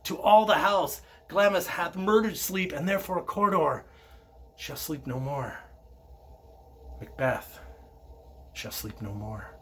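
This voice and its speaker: A man's voice: a little high, animated, slow, long pauses, a bit bright, husky, exaggerated voice. A man playing Macbeth, a guilt-haunted lord, brooding, in an amateur Shakespeare reading.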